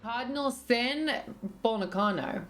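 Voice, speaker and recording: A woman's voice: fairly high pitch, lively intonation, fairly bright tone, soft background music. Chatty English woman streaming. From England. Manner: chatty, quick asides. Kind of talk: casual chat reading chat.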